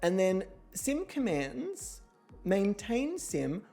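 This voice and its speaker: A woman's voice: medium pitch, very animated, drawn-out words, gravelly, warm tone, faint music behind. A young woman streaming a life-sim game, chatting, swearing and laughing as she plays. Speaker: streamer hosting an interactive show. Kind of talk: casual game-stream commentary.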